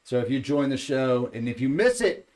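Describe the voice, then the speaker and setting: A man's voice: mid-range voice, big pitch swings, normal speed, a little mellow. A man hosting a podcast in a studio, opening the show in a loose, joking way with casual swearing. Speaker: podcast host.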